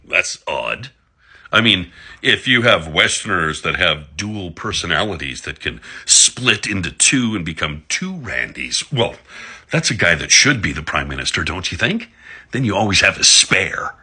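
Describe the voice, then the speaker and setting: A man's voice: very animated, measured pace, sharp tone, slightly rough. A man from Alberta, ranting about politics in a sarcastic monologue full of swearing. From Alberta, Canada. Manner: sarcastic, heavy swearing, big pitch swings. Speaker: political commentator.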